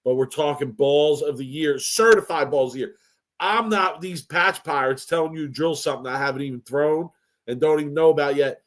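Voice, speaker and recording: A man's voice: on the high side, fairly quick. A man co-hosting a bowling podcast in casual chat, with boastful, playful trash talk. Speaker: podcast co-host.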